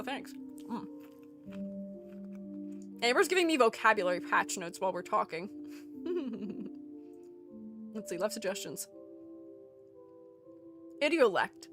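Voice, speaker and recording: A woman's voice: on the high side, pushed and bright. A young woman with a mixed Rust Belt American accent, streaming a game and chatting casually with her viewers, giggling often as she reads their messages. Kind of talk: casual chat while gaming.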